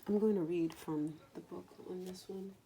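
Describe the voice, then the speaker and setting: A woman giving a spiritual card reading in a slow, soothing voice that sometimes drops to a whisper, choked up with emotion. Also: on the low side, fairly even intonation, dark tone, a little hiss or hum. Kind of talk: soft spoken tarot-style reading.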